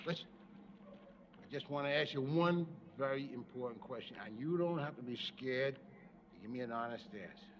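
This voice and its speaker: An actor playing a blustering, wisecracking middle-aged working-class husband in a 1970s sitcom, gruff and ungrammatical. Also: male voice, mid-range voice, normal speed, dull audio, natural voice. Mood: grumbling, coaxing. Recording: noisy sitcom audio with laugh track.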